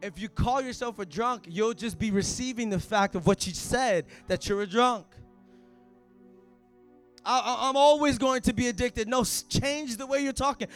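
High-pitched guy preaching, goes from hushed to shouting, faint music under it. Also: moderate pace. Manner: swings from quiet asides to shouted declarations. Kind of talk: sermon.

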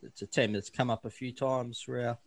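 Aussie male podcast co-host, easygoing mate-to-mate banter, dry close sound, mid pitch. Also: level tone, brisk, dry recording. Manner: laid-back, matey banter. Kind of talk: casual podcast chat.

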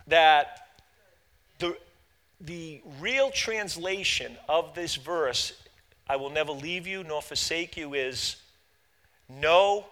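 A middle-aged man preaches a sermon in a high, bright voice. He talks in halting stretches full of fillers and repeated words, then builds to loud, fervent declaration. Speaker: pastor.

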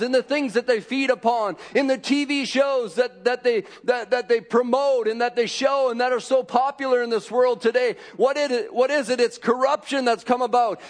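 A man preaching a fervent sermon, repeating phrases and rising to shouts. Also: very high-pitched.

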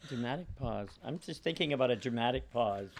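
A man's voice: mid-range voice, lively intonation, fairly quick, gravelly, slight background noise. A man being interviewed as a guest, telling meandering, self-deprecating stories with frequent laughs. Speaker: guest, actor and photographer. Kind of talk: casual interview chat.

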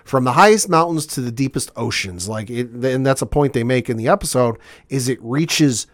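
A man's voice: mid-range voice, lively intonation, moderate pace, dry recording, clean studio sound. A man on a podcast panel, casually recapping a TV episode in a rambling way, paraphrasing scenes between fillers.

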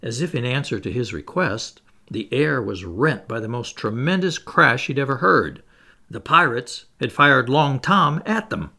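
A man narrating a classic children's storybook aloud in an expressive, animated reading. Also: mid-range voice, unhurried, gravelly. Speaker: audiobook narrator.

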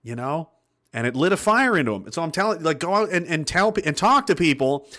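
A man's voice: on the high side, lively intonation, fast talker, pushed and bright. A man hosting a livestream, reading out chat comments and giving blunt, profane, rambling motivational talk. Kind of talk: casual motivational rant.

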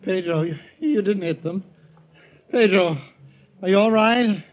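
A greedy, scheming thief in a 1940s radio drama. He talks tense and demanding in a fairly high voice. The sound is dull and old-fashioned. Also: a little slow. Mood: desperate. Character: greedy scheming man Herbert, a thief and killer. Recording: muffled old radio broadcast.

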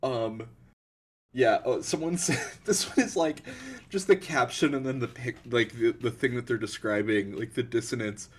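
Young male co-host, loose halting chat, laughs a lot, average pitch. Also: breathy edge. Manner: giggly, halting, lots of likes and ums. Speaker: podcast co-host. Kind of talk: casual chat.

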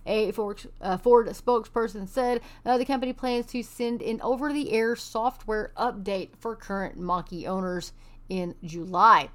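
A woman's voice: fairly high pitch, a little slow. A woman from Texas hosting an online commentary show, reading news articles aloud and adding sarcastic, scoffing asides.

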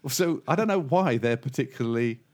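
Man, podcast co-host, casual chat, lively pitch, rambling. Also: brisk. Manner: rambling storyteller, lots of fillers and restarts, laughs at own jokes.

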